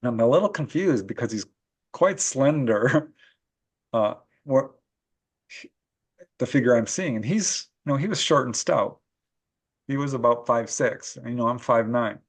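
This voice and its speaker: A man of middle pitch tells his stories as a podcast guest. He is animated and laughs often as he speaks, with a relaxed conversational flow. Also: measured pace, pauses often, breathy edge. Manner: animated storyteller who laughs often while recounting experiences. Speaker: guest, paranormal researcher and author. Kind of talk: casual interview storytelling.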